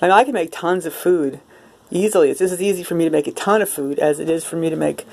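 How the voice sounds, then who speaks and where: Walking through her home and into the kitchen, a woman artist gives a rambling tour of her home studio, full of fillers and restarts. She talks fast in a low, creaky, slightly mellow voice, with Cajun fiddle music coming from a computer. The recording is rough.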